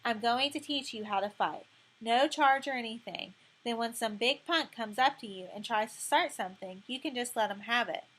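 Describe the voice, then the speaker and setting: Streetwise bossy girl, blunt and slangy, slightly high voice, read by a woman narrator. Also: moderate pace, a bit bright. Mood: brash, bossy. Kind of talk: audiobook reading.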